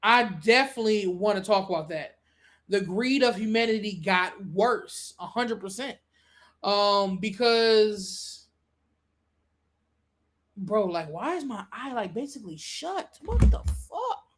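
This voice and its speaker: A woman hosting a live-stream podcast, talking casually with slangy, profane language and swinging into high, animated rants. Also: a little slow.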